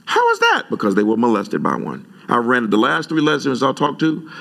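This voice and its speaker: Male pastor, gravelly mid-pitched voice, conversational preaching that leaps up for emphasis. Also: a little fast. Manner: animated preaching, sudden loud pitch jumps when retelling his own words. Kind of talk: sermon.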